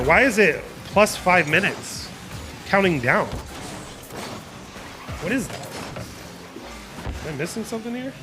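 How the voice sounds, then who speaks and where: A young man casting a live video game match with playful, jokey play-by-play over background music. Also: high-pitched. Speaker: esports caster.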